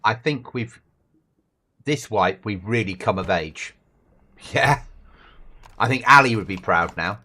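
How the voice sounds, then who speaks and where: A man's voice: lowish voice, moderate pace, long pauses, sharp tone. A man chatting casually and swearing while livestreaming a survival game with friends. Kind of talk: casual gaming chat.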